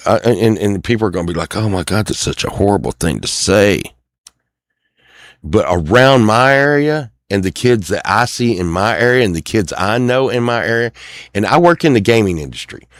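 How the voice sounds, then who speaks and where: This middle-aged show host from Texas speaks at a normal speed in a deep, low, expressive voice, rambling through a laid-back venting session and softly singing a few lines here and there. Again and again he mimics what people tell him. The audio is close and dry, without any room echo.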